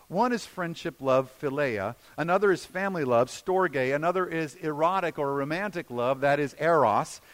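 A male pastor preaching a sermon, shifting between emphatic points and hushed, slow retellings of scenes. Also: fairly high pitch. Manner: expressive, drops to a hushed voice for quoted scenes.

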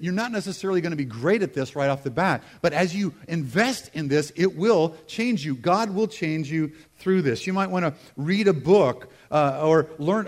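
A middle-aged American pastor preaching a humorous, conversational sermon to his congregation, with asides to the people in the pews. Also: fairly high pitch. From United States. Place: church sanctuary.

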